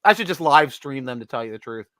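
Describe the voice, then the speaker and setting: A man hosting a live fan stream, talking in an excitable, rambling way with frequent restarts. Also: medium pitch, fast talker, dry recording, studio quality. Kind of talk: excited casual fan commentary.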